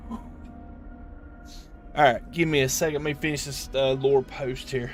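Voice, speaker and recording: A man's voice: medium pitch, fairly even intonation, unhurried, pauses often, faint music behind. A man live streaming a video game, chatting casually and answering his viewers' chat with lots of restarts.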